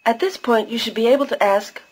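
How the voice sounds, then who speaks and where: A woman's voice: a little high, a little fast, darkish tone, rough recording. A woman giving scripted narration for a language course, patiently explaining pronunciation step by step.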